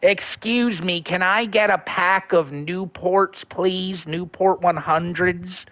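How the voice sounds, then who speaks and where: Dude doing an impression of a spacey guy, slow dazed drawl, kinda high. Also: fairly even intonation, fairly bright tone.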